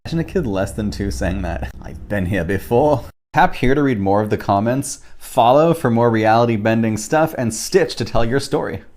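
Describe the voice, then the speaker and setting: A man's voice: mid-range voice, expressive, brisk, hardly any pauses, a little mellow. A man hosting his own video, reading viewer comments aloud with a casual, amused manner. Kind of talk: casual chat.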